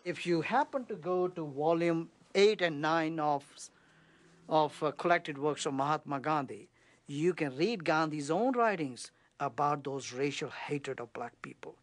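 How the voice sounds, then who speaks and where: A man's voice: fairly high pitch, unhurried, no room sound. A man being interviewed as an author, speaking in an earnest, accusing tone.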